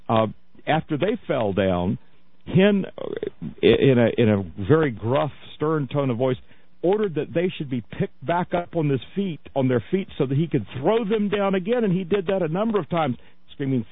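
Mocking radio talk host, tinny sound. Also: male voice, a little high, very animated, normal speed, slight background noise. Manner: mocking, chatty, laughs often. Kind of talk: casual radio commentary. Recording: tinny phone-like radio audio.

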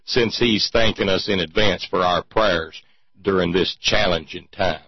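A man's voice: low voice, a little slow, breathy edge, dry recording. A man giving sarcastic, indignant political commentary full of rhetorical questions. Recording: dull lo-fi sound.

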